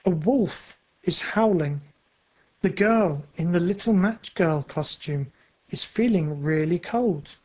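Storybook narration, very slow, measured, simple sentences, middle pitch. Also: animated, a little mellow.

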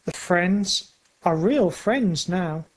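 A storyteller reading a children's story aloud in plain, simple, measured sentences. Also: mid-range voice, animated. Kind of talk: slow storybook narration.

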